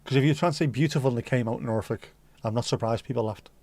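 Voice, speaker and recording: A man's voice: mid-range voice, rapid-fire, a little mellow, no echo. A middle-aged man with a Liverpool accent, hosting a livestream and chatting casually to his live chat with jokey, rambling asides. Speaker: livestream host.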